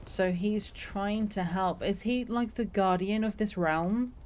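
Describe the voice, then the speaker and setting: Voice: medium pitch, takes it slowly, a little mellow, slight background noise. A streamer giving casual, emotional commentary on a game.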